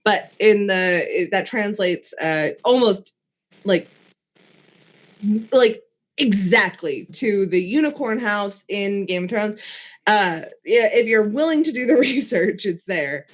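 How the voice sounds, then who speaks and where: A woman's voice: medium pitch, animated, takes it slowly. A woman rambles through casual podcast chat, giggling as she goes. She often stumbles and restarts mid-sentence, with a mid-range voice. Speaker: podcast co-host.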